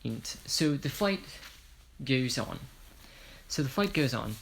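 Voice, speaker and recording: A man's voice: mid-range voice, sing-song, slow pace, vocal fry, a bit bright, a little hiss or hum. A man from Ireland casually retelling a fan story, rambling with self-corrections and jokey asides.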